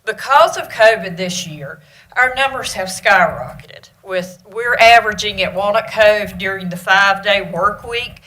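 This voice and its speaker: A woman's voice: medium pitch, measured pace, sharp tone, low-quality recording. A woman speaking to county commissioners about library services, enthusiastic and community-minded. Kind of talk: presentation to county board. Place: meeting room.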